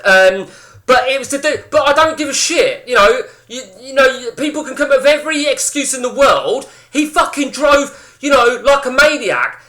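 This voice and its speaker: High bright-voiced man, blunt and sweary. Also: lively intonation, moderate pace. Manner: rambling, blunt and heavily sweary. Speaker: game streamer chatting with viewers. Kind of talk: casual live-stream banter. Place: indoors at home.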